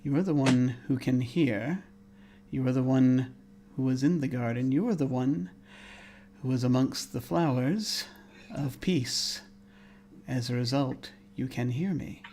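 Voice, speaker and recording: Unseen whispering spirit, hushed and eerie, slow delivery; a man doing it. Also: medium pitch, lightly acted. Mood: ominous.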